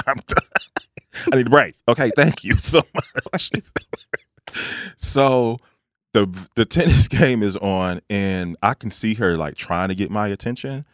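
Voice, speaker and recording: A man's voice: lowish voice, measured pace, no room sound, studio quality. A man co-hosting a casual chat, telling a story with lots of acted-out quoted dialogue. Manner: animated storyteller who acts out quoted dialogue.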